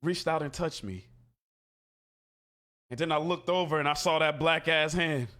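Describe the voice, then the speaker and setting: Bright-voiced animated man telling a story. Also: fairly high pitch, normal speed. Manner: animated, slangy, acts out quotes. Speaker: game streamer. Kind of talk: casual storytelling while gaming.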